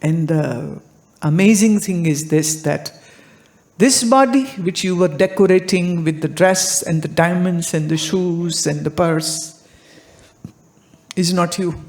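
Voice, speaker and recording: A woman giving a spiritual discourse, deliberate and full of anecdotes and rhetorical questions. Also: fairly low pitch, darkish tone. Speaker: spiritual teacher.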